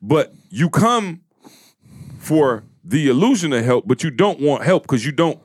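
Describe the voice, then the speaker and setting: A man's voice: a little high, very animated, slightly rough, no room sound, studio quality. A man co-hosting a podcast, talking bluntly and emphatically in casual chat. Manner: blunt, emphatic, says it slow. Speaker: podcast co-host.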